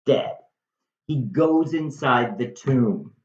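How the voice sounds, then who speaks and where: A man's voice: medium pitch, animated, slow pace. A man casually retelling a play to viewers, with wry, conversational asides. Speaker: video host. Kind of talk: casual storytelling lesson. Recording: roomy, slightly dull recording.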